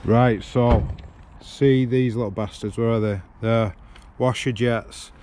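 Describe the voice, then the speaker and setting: Speaking slowly, with a medium-pitched, darkish voice and fairly even intonation, a car vlogger curses his way through a blunt chat to camera. He's working on a car outdoors at a roadside and filming on a gimbal-mounted handheld camera.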